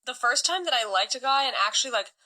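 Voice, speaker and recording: A young woman from California telling a personal story in a chatty way, full of fillers and lively quoted lines. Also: on the high side, quick pace, rough recording. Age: young adult. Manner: chatty, many fillers, animated quoting. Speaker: singer vlogging. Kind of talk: casual storytelling to phone.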